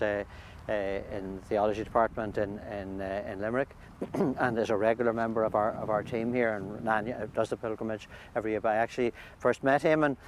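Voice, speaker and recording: Halting priest, outdoors. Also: male voice, medium pitch. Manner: thoughtful, halting, with many restarts and fillers. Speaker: priest hosting pilgrims. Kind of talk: conversational interview. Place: outdoors at a lake shore. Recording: faint outdoor background noise.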